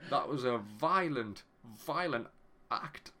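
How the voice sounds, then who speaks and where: A man in his thirties, a podcast co-host, telling a story in casual chat, animated and sweary, often breaking off mid-phrase. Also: medium pitch, takes it slowly.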